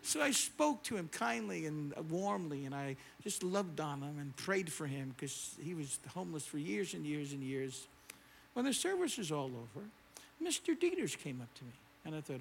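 A man preaching a sermon, telling a story and swinging between loud, animated preaching and quiet storytelling. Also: a little high, moderate pace, creaky, slight background noise. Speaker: pastor. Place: church sanctuary.

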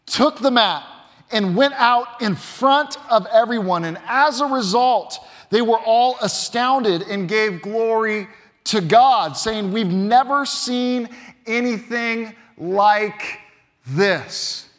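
Man, pastor, sermon, high voice, long hall reverb. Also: slow pace. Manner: preaching with rising emphasis, reads scripture aloud. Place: church sanctuary.

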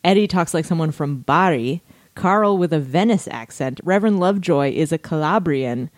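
Mulher de voz grave lendo e rindo. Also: female voice, low-pitched, lively intonation, normal speed, no echo. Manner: reads notes aloud with frequent laughs and asides. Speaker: podcast co-host. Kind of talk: casual chat, reading aloud.

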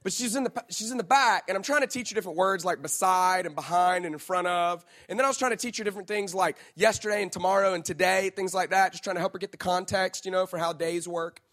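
A man's voice: high voice, fast talker, hardly any pauses, a bit bright. A man in his thirties preaching a sermon on stage, playful and joking as he talks straight to the crowd. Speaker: pastor.

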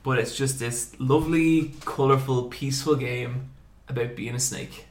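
A young man hosts a podcast and spins an animated comic story, swearing freely as he goes. His voice sits at an ordinary middle pitch. The room is noticeably echoey. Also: moderate pace, slight background noise. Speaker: podcast host. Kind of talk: casual storytelling chat.

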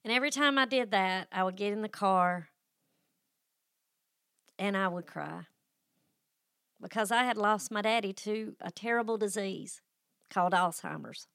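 A woman's voice: mid-range voice, a little slow, pauses often, fairly bright tone, smooth, no room sound, clean studio sound. A middle-aged woman who hosts a faith podcast and tells a personal story in a folksy, emotional way, with sighs and restarts. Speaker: podcast host.

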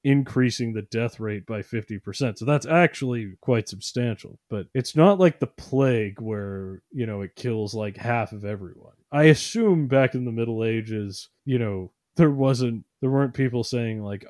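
A man, rambling and joking in a casual podcast chat and slipping into quick silly voices. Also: medium pitch, a little mellow, no room sound, clean studio sound.

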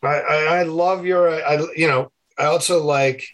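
A man's voice: fairly high pitch, unhurried, rough recording. A man, a former Navy SEAL and keynote speaker, telling vivid stories with energy in a podcast interview and acting out the voices. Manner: energetic storytelling, acts out voices.

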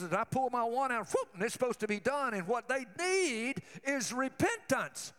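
High-pitched guy preaching a sermon, all fired up and telling stories, big echoey church sound. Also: a bit bright, clean tone. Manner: fervent, storytelling preaching. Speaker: pastor.

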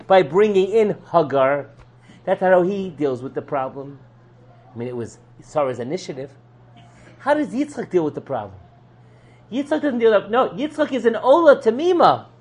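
A man, a rabbi, teaching a lively Torah class, posing rhetorical questions and answering them with jokes, his voice swinging from low and quiet to loud and high. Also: measured pace.

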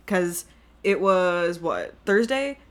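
A woman's voice: fairly low pitch, expressive, slow pace. A woman co-hosting a podcast in casual chat, rambling with asides and frequent laughs. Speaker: podcast co-host.

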